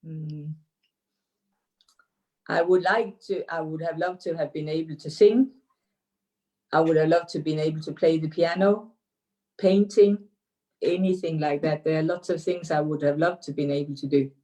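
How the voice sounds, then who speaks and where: A low-pitched woman in her sixties speaks English with a Danish accent. She talks over a video call, pausing often, and she fills her answers with "uh" and restarts. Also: steady tone, mellow. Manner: hesitant, many fillers and restarts. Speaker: interview guest, dance teacher. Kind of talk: casual remote interview.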